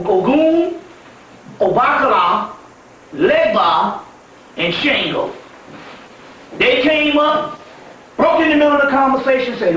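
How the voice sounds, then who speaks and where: A man's voice: very high voice, a bit bright. A man telling a spiritual story as a teacher, in a profane, emphatic lecture with frequent laughter, recorded from across a very echoey room. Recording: echoey room from far off, faint noise.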